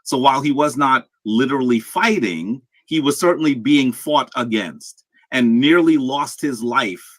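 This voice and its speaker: A man hosting a live-streamed discussion, measured and lecturing as he speaks to the chat. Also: medium pitch, fairly bright tone, no echo. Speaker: show host.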